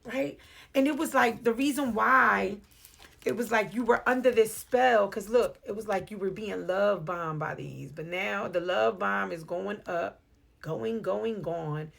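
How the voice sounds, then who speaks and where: A woman's voice: medium pitch, unhurried, gravelly, fairly bright tone. A woman with a New York accent giving a casual, playful tarot reading to camera, calling the viewer "beloved". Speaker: tarot reader. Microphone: phone or webcam on video.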